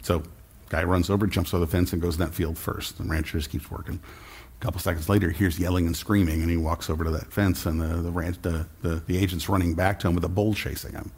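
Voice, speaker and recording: A man preaches a sermon in a loose, conversational manner, often circling back and restarting his sentences. His voice sits low and has a husky edge. He sounds like he is talking with his congregation. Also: steady tone, quick pace, a little mellow. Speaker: pastor.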